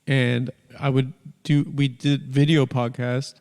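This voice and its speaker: A man's voice: mid-range voice, level tone, takes it slowly, darkish tone, smooth, big-room sound. A man hosting a casual comedy podcast, telling a rambling, self-interrupting story. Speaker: show host.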